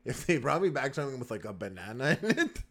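A man co-hosting a casual podcast chat, animated and often laughing, swearing freely and acting out little scenes. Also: medium pitch, fast. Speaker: podcast co-host.

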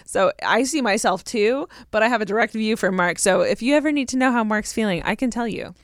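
A woman's voice: a little high, a little fast, no room sound, studio quality. A woman co-hosting a podcast in casual, joking chat, teasing her co-host. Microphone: studio microphone.

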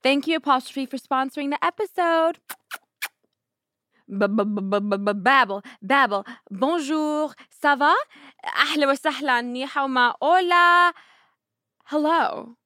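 A woman's voice: high voice, slow, bright, forceful tone, no echo, studio quality. A young woman in her twenties, a podcast host doing sassy, playful ad reads and a slangy monologue. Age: 20s.

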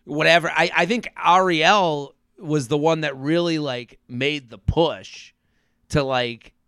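A man co-hosting a chatty podcast, his voice bright and crisp and a touch high for a man. He talks in quick, animated bursts and breaks into flat mock voices when quoting people. The sound is close and dry. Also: no room sound. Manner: animated, quick asides, acts out quotes in a flat robot voice. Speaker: podcast co-host. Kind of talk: casual chat recapping a reality show.

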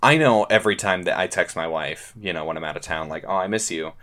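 Deep-voiced laid-back man hosting. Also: fast talker, pushed and bright. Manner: laid-back, trails off with fillers. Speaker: podcast host. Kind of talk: casual chat.

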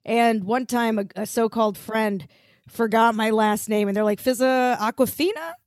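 A woman's voice: a little high, flat delivery, moderate pace, a little mellow, no echo, studio quality. A woman in her thirties from Florida, a guest comedian doing a playful stand-up bit on a podcast and laughing at her own jokes. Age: 30s.

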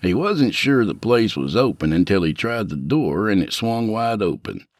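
A man's voice: fairly low pitch, lively intonation, moderate pace, no echo. A man narrating a scripted story in a dry, folksy, humorous way. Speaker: narrator and host.

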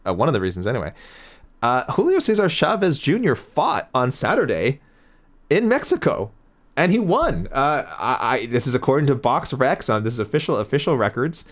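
A man with a slightly low voice hosts a fight talk show and reads through viewer picks. He rambles, corrects himself as he goes and chuckles along the way. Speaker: MMA show host reading viewer picks. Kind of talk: casual chat.

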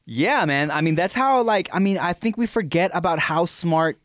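A man from Southern California spins childhood stories in an easy, chatty way, laughing often and acting out every quote. His voice sits a little high. The sound is dry and close to the mic. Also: lively intonation, normal speed, fairly bright tone, no room sound. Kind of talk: casual storytelling chat.

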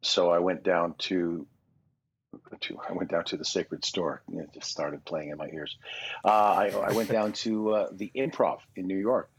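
A man's voice: low-pitched, steady tone, measured pace, slightly rough. A man in his sixties from Canada, a voice actor and guest on a podcast, telling rambling, self-deprecating stories about his past. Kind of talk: casual podcast interview. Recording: dull lo-fi recording.

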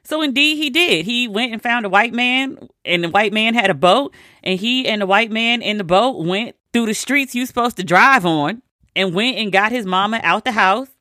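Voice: mid-range voice, lively intonation, normal speed, sharp tone, dry recording, clean studio sound. A host telling a personal story in a casual monologue, with wry, incredulous asides.

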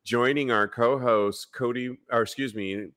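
A man's voice: mid-range voice, fairly even intonation, measured pace, a bit bright. A man from San Francisco hosting a live podcast, upbeat as he reads listener emails and announcements. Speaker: podcast host.

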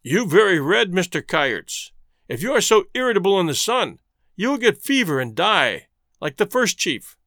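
A calm, impassive station clerk, as a male storyteller puts him on. He speaks evenly and with weight, his pitch rising and falling freely, and the recording is close and dry. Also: measured pace, no room sound. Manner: pleads, then speaks evenly and impressively.

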